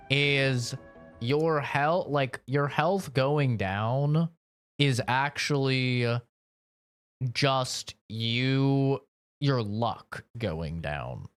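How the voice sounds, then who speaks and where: Young guy streaming a game, slow drawly talk, swears a lot, rambles. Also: medium pitch. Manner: laid-back, profane, rambling with frequent "like" and laughs. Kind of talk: casual gaming commentary.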